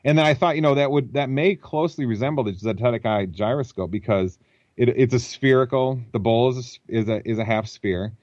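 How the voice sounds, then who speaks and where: A man's voice: medium pitch, brisk, a little mellow, no echo, dull audio. A man as an interview guest, thinking aloud and explaining at length over a computer call. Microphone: computer mic.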